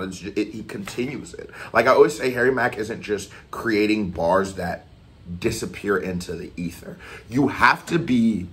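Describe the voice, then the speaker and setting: A man with a fairly low voice hosts a reaction channel, offering casual commentary. He swings between excited shouts and laughter and fast, loose explaining.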